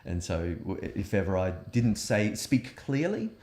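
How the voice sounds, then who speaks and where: Man, South Australian accent, low voice, roomy echo, hesitant and thoughtful. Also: big pitch swings, unhurried, a little mellow. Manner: hesitant, thoughtful, many fillers. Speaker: guest, learning and development coach. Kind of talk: casual interview chat.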